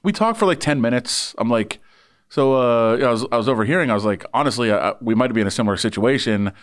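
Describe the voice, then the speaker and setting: A man's voice: medium pitch, quick pace. A man who works as a sports reporter, telling a long story in casual chat and acting out the people in it. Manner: animated, voices people in anecdotes.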